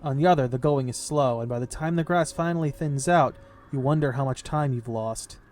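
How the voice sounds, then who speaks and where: A man reading a game's story text aloud in a casual playthrough. He reads steadily at a middle pitch and breaks off into offhand comments. A faint hiss sits behind him. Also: brisk, darkish tone. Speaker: game player and narrator.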